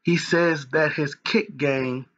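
A man giving excited, slangy, animated commentary in his own vlog. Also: on the high side, slow, dull audio, slight background noise. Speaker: sports commentary vlogger.

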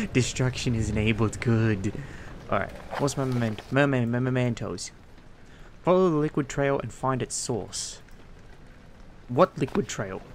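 A man giving casual let's-play commentary, swearing a lot, excitable, and talking to himself as he plays. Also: medium pitch, a little hiss or hum. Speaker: gameplay streamer.

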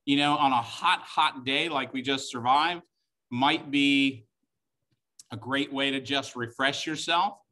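A middle-aged man leads a live-streamed wine tasting in a loose, joking, enthusiastic way. His voice sits in an ordinary middle register and has a bright, forward tone. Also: medium pitch, a little slow. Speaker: wine tasting host and instructor.

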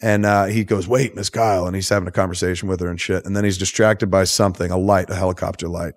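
A man hosting a podcast, recapping a film in a loose, profane, animated storytelling way. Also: low-pitched, fast talker. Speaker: podcast host. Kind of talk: casual movie recap chat.

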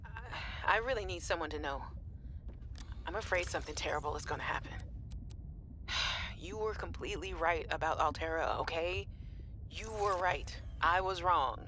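A woman voicing a young scientist in a video game who records worried messages to her sister, halting and often sinking to a near whisper. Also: on the low side, a bit bright, a little hiss or hum. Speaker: game character.

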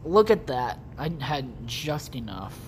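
A female gaming video host gives casual let's-play commentary on her own gameplay, rambling, swearing often, and addressing viewers. Her voice is extremely low and darkish, very animated yet slow, with slight hiss or hum.

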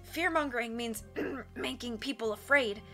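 A woman voicing a poisoned, bookish teenage boy whose voice comes out rough and wheezy. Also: fairly high pitch, moderate pace, pushed and bright, faint music behind. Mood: wheezy, strained.

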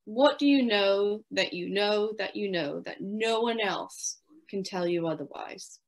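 A woman's voice: mid-range voice, a little slow. A woman with a British accent, an interview guest, earnestly telling a personal faith story and quoting what she once said. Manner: earnest storytelling, quoting her own past words.

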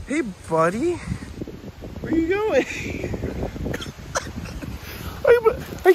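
A man vlogging outdoors in an open field, out of breath and excited, talking to the camera in a casual, repetitive way while he chases after something. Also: very high voice, a little slow, pauses often, very noisy. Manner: excited, breathless, repeating himself while chasing an animal. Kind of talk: handheld outdoor vlog.

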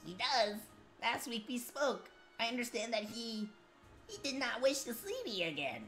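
A woman's voice: on the high side, very animated, normal speed, fairly bright tone, soft background music, pitched above the performer's own voice. A woman doing a nerdy earnest young prince. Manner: formal, slightly nerdy. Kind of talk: gameplay voice-acting.

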